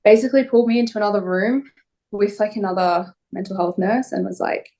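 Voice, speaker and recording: A young woman telling a personal story in an interview, halting and emotional with many fillers. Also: medium pitch, warm tone. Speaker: interview guest.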